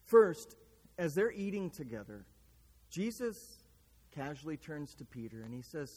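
A male preacher with a notably high voice delivers a sermon slowly and earnestly, leaning on rhetorical questions as he retells a scripture story. His words ring out with a long reverb, as if he is recorded in a large hall. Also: sing-song, a little mellow.

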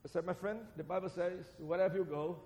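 A Brazilian-accented man preaches a sermon in a fairly high voice. He is animated, rising loud and dropping soft. His voice rings through a roomy hall with long reverb. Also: quick pace. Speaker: preacher and seminary teacher.

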